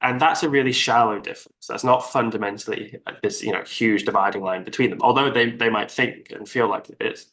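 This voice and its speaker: A man's voice: fairly low pitch, fairly quick, few pauses, a bit bright. A male co-host of a casual political discussion, explaining his argument at length. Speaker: podcast co-host.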